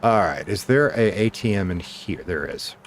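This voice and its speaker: A man with a lowish voice chats loosely through a game stream, drifting between muttering to himself and greeting viewers. His talk is relaxed and meandering, with a faint hum of noise behind him. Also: moderate pace. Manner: rambling, talks to himself and to chat. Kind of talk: casual livestream chat while gaming.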